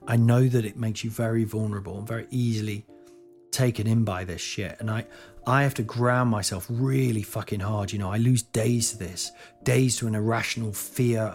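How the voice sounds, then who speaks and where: A man's voice: mid-range voice, darkish tone. A middle-aged man with a British accent, talking candidly and rambling in a personal monologue, with plenty of swearing and restarts. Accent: British English. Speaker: comedian guest speaker.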